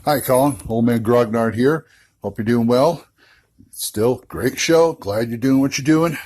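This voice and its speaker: A man's voice: mid-range voice, measured pace, darkish tone. An older man leaving a friendly, chatty voicemail for a podcast. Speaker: caller. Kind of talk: voicemail message.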